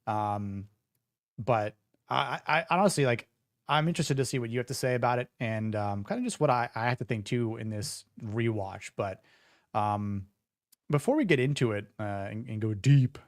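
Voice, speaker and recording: A man's voice: medium pitch, normal speed, no echo, studio quality. A young man hosting a casual livestream show, rambling with many fillers and restarts. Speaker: podcast host.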